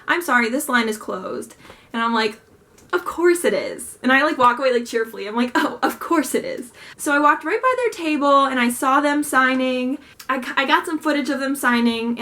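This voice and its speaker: A woman's voice: a little high, fairly bright tone. A young woman vlogger chattily retelling her day with lots of quoted dialogue, in a casual storytime style. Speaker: book vlogger.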